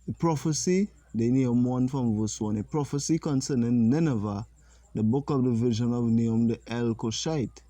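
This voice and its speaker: A man teaching a religious lesson, reading scripture slowly and deliberately and pausing to comment. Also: mid-range voice, dark tone, dry recording.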